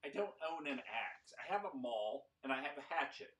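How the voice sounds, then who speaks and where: A man's voice: medium pitch, sing-song, moderate pace, a bit bright, rough recording. A man co-hosting a podcast, chatting casually and explaining things at length with lots of fillers and restarts. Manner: rambling, enthusiastic explainer with fillers. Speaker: podcast co-host.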